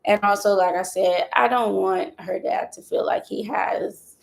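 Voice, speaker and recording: Woman vlogging, kinda out of breath, raspy fry in her voice, just venting. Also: mid-range voice, fairly even intonation, unhurried, rough recording. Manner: candid, rambling, venting. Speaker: vlogger and mother. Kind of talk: casual chat to camera.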